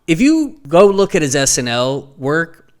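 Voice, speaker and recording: A man co-hosting a casual podcast, talking at length and breaking into goofy high impressions now and then. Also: a little slow. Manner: animated storyteller who breaks into goofy sung impressions. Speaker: podcast co-host. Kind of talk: casual chat.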